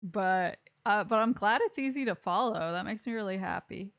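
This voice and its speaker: A woman's voice: medium pitch, normal speed, fairly bright tone, no echo, clean studio sound. A young woman from Alabama with a Southern accent, chatting casually on a game stream, rambling and laughing often. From Alabama, USA. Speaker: streamer host.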